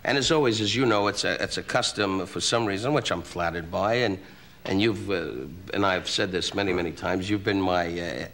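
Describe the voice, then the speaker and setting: A male comedian telling a brash, rapid anecdote as a guest on a talk show. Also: low voice, a bit bright. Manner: brash, rapid storytelling with punchy asides. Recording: noisy old TV broadcast.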